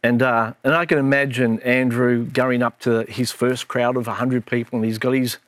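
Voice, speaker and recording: A man's voice: medium pitch, level tone, normal speed, fairly bright tone, dry recording. A middle-aged man, a minister, in an earnest and reflective Bible discussion with his daughter, telling stories as he goes.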